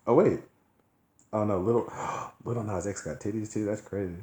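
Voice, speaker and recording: A man's voice: fairly low pitch, normal speed, a little mellow. A man co-hosting a podcast, telling stories in loose, joking slang. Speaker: podcast co-host. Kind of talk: casual chat. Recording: echoey room with faint noise.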